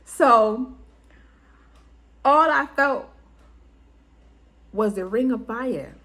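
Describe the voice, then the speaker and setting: A woman's voice: fairly high pitch, drawn-out words. A woman vlogger telling a personal story to her viewers in a casual way, laughing often and acting out what people said. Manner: animated, laughing often, acts out quotes.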